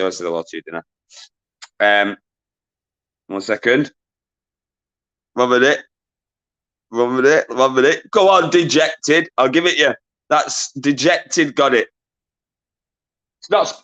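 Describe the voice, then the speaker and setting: A man hosting a live-stream quiz, bantering with chat, giving quick shout-outs, swearing casually and laughing often. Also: medium pitch. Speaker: livestream quiz host.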